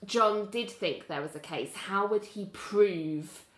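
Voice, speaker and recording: A woman, co-hosting a casual podcast, recapping a TV episode in an animated way and acting out the characters' lines. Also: mid-range voice, slow, reverberant. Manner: animated storyteller who acts out characters' lines. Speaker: podcast co-host.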